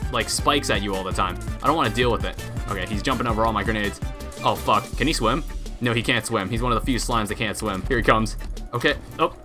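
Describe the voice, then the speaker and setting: A man narrating a video game recap, switching to casual live commentary full of swearing and excited reactions. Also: mid-range voice. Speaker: gaming YouTuber.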